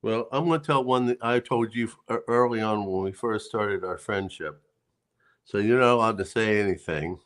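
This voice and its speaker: Low-voiced man, halting joke-telling. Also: a bit bright. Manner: halting delivery with repeated words and fillers. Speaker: co-host of a livestream chat. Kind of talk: casual chat, telling jokes.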